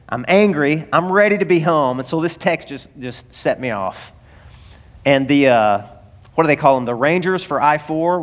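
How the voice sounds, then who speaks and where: A male pastor telling a personal story in a sermon, acting out both sides of a phone call in an animated way. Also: on the high side. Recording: long hall reverb.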